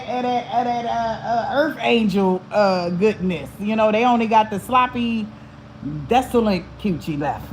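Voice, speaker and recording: A woman's voice: fairly high pitch, a little mellow, a little hiss or hum, rough recording. A woman hosting a spiritual channel, chatting casually to her viewers in a blunt, profane way and laughing often.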